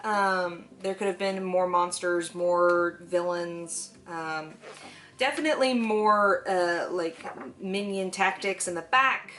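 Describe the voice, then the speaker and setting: A woman's voice: lowish voice, takes it slowly, a bit bright, a little hiss or hum. A woman giving a casual spoken review of a tabletop game book, chatty with frequent fillers and laughs.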